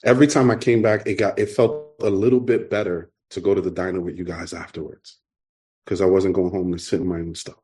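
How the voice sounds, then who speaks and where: A middle-aged man from New York with a New York accent, telling his recovery story to a meeting in an earnest, halting way. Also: sits low, fairly even intonation, a little mellow. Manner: earnest, halting, repeats himself. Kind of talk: personal testimony talk.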